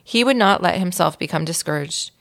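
A woman with a low, gravelly voice reads a children's chapter book aloud. She tells it expressively, as a guest reader for young listeners. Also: expressive, fairly quick, fairly bright tone.

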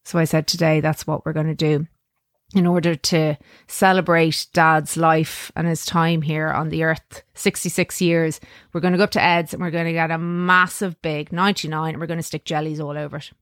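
An Irish woman in her forties co-hosting a radio chat show. Her voice sits a little low and is recorded dry and close to the mic. She talks in a chatty, animated way. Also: normal speed, no room sound. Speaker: radio co-host. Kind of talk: casual chat.

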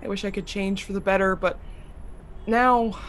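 A woman's voice: mid-range voice, steady tone, moderate pace, a little hiss or hum, natural voice. A woman voicing a bitter, self-loathing young male writer in an audio drama, anguished, her voice climbing and breaking. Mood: despairing.

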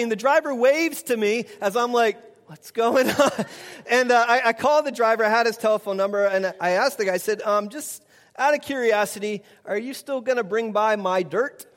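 A middle-aged man with a notably high voice delivers a sermon, chuckling as he recounts a story and playing out its dialogue. His words carry a long reverb, as if spoken from a church stage. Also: a bit bright. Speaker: pastor.

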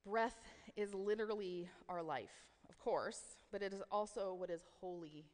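A woman's voice: mid-range voice, unhurried, darkish tone. A woman giving a sermon, talking in an earnest, reflective way with casual filler words. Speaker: preacher. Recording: long reverb of a hall.

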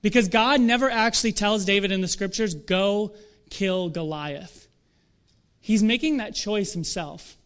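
A young adult man preaching a sermon in a conversational, animated way, with self-deprecating asides. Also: sits high, a little fast, hardly any pauses. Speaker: pastor.

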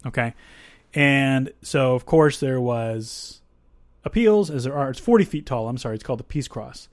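A man's voice: medium pitch, moderate pace, no echo, studio quality. A man hosting a faith podcast, talking casually and thinking aloud with asides and restarts. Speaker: podcast host.

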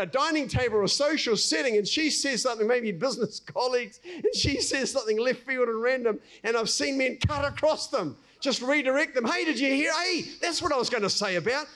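A middle-aged pastor, preaching in a conversational way and acting out everyday scenes. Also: male voice, extremely high pitch, fairly bright tone. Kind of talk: sermon.

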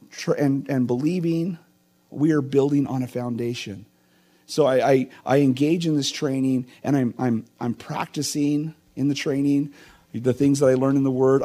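A man's voice: medium pitch, mellow, slightly rough. A middle-aged male pastor giving a conversational sermon with earnest asides.

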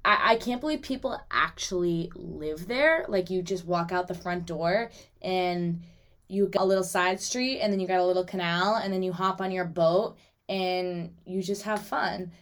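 A young woman hosting her own podcast, chatting casually and animatedly about her weekends, with lots of "like" and quick asides. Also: lowish voice, a bit bright. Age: young adult. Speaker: podcast host. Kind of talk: casual solo podcast chat.

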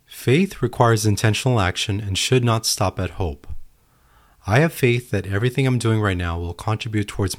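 A man hosting a solo podcast, talking earnestly and telling a parable. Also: lowish voice. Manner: earnest, storytelling. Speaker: podcast host. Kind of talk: reflective solo podcast talk.

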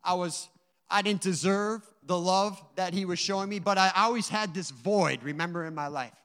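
A man's voice: sits high, normal speed, fairly bright tone, clear, resonant tone, big-room sound. A man giving an earnest, emotional personal testimony to a church audience, telling his story with many asides. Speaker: guest speaker giving a testimony.

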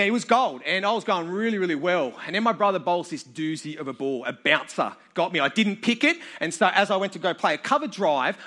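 A man's voice: high voice, pushed and bright. An Australian man preaching to a live audience, telling a funny childhood story with self-mocking humour.

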